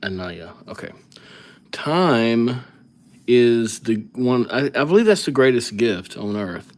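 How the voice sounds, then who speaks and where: A man's voice: mid-range voice, very animated, slow. A man hosting a live calligraphy stream, chatting casually and rambling as he thinks aloud between names. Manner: rambling, easygoing, thinks aloud while writing. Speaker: livestream calligraphy host.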